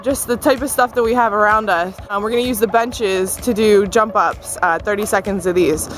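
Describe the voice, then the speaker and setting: A woman's voice: mid-range voice, moderate pace. A young woman leading an outdoor workout, giving upbeat step-by-step cues and encouragement. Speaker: fitness instructor. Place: outdoors in a beach park with benches.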